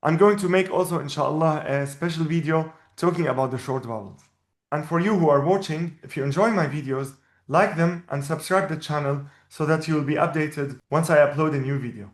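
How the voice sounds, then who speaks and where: Patient Arabic teacher in an echoey room. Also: male voice, fairly high pitch. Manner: patient, repeats each word slowly. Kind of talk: language lesson. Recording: roomy echo.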